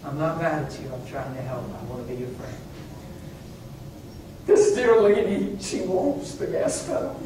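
A man preaching a sermon, telling personal stories in an animated way, moving from hushed asides to high exclamations. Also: measured pace, background noise. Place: church meeting hall. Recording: very echoey hall, voice from far off.

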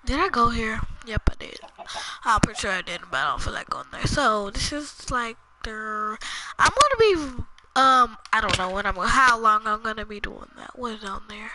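A woman's voice: a little high, lively intonation, normal speed, background noise. A young woman giving rambling, casual commentary to viewers while playing a game, often dropping to murmurs. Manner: chatty, rambling, talks to viewers as "y'all". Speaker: gaming channel host. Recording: music playing behind voice.

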